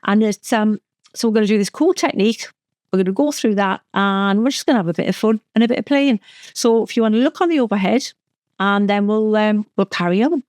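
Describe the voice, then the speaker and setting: A woman's voice: mid-range voice, brisk, darkish tone, no echo. A woman as a craft educator, chatty and enthusiastic, talking through a craft tutorial with frequent restarts.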